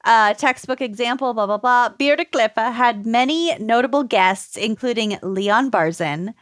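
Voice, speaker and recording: A woman's voice: a little high, a little slow, no echo, studio quality. A woman podcast co-host in casual chat, loosely reading her research notes, swearing and laughing often.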